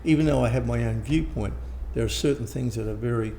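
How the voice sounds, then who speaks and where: An older man, talking casually and rambling as an interviewed teacher, often clearing his throat. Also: medium pitch, brisk, warm tone, slight background noise. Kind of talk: casual conversation.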